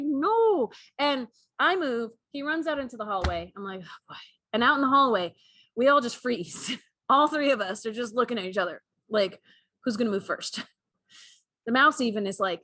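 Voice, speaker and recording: A woman co-hosting a chat show, telling a story in a casual, animated way and laughing often. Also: on the high side, dry recording. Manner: animated, laughing, acts out cat and mouse voices. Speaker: podcast co-host.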